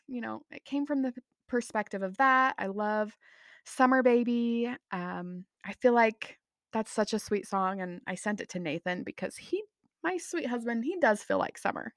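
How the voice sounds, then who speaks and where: A woman's voice: on the high side, a bit bright, no room sound, clean studio sound. A young adult woman hosting a casual solo podcast, gushing and bubbly, often laughing at herself. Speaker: podcast host.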